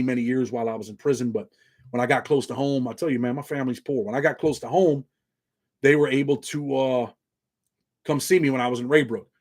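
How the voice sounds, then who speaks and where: A man in his forties from New York with a slight Southern country twang, hosting a casual, streetwise monologue and calling his viewers "man" constantly. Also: medium pitch. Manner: laid-back, streetwise, drops "man" constantly. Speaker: channel host.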